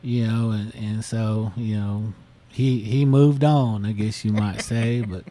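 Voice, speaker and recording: Mellow man telling a rambling story. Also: on the low side, fairly even intonation, slow pace, no echo. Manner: rambling, many fillers. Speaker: podcast co-host. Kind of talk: casual storytelling.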